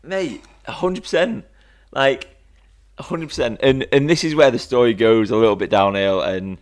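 A man's voice: mid-range voice, normal speed. A man telling a story in casual podcast chat, emphatic and repeating himself for effect. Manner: animated storyteller, emphatic repetition.

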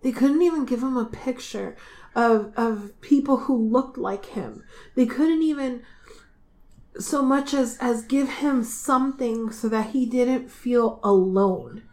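A woman's voice: fairly high pitch, slow, a little mellow. A woman co-hosting a casual book discussion, retelling the story with emotion and playful voiced asides. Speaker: podcast co-host.

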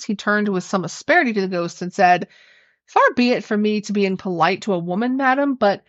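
A woman's voice: medium pitch, dry recording. Woman reading a ghost story aloud. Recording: dry, dull lo-fi recording.

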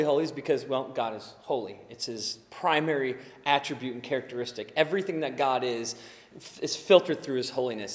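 A man preaching a sermon, emphatic, swinging between quiet explanation and loud exclaiming. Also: high-pitched. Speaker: pastor. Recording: long hall reverb.

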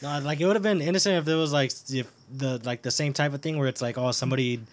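A man's voice: mid-range voice, fast. A man co-hosting a podcast, telling stories in a rambling, laughing way. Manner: rambling, laughing, lots of fillers. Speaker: podcast co-host. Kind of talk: casual chat.

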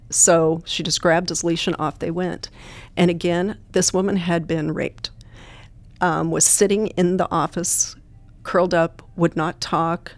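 A woman's voice: fairly low pitch, dry recording. A woman guest who trains therapy dogs, telling earnest, plain-spoken stories in an interview. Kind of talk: storytelling interview answers.

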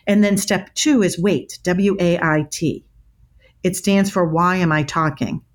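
Middle-aged female expert guest, slightly low pitch, animated and emphatic storyteller. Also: measured pace. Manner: emphatic, restarts words often. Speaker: body language expert guest.

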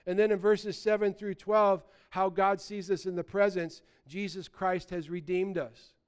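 High-voiced pastor in his sixties preaching. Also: unhurried, smooth. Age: 60s. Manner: animated, swings between loud bursts and quiet asides. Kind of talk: sermon.

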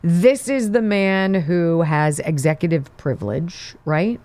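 A woman's voice: fairly low pitch, slow, a little mellow. A woman hosting a political talk show, delivering sarcastic, mocking commentary.

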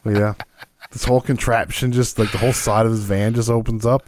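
Man, podcast guest, low voice, laid-back joking chat, dry close recording. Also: little pitch movement, a little fast, darkish tone, no echo. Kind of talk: casual chat.

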